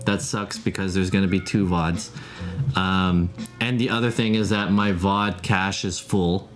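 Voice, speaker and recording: A man live streaming from home, chatting casually, rambling and swearing as he answers his viewers. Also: on the low side. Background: music playing.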